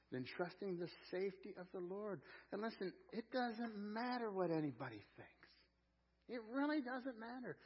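Male pastor, sermon, high husky voice, surges and drops in volume, stretches key phrases, dull lo-fi recording. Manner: preaching with wide swings in loudness, drawing out key phrases; calls on the congregation to repeat lines.

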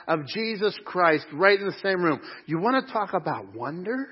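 A man preaching a sermon at a live church service, animated, swinging from loud shouts of joy to quiet asides. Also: sits high, normal speed, few pauses, husky, lo-fi sound. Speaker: pastor.

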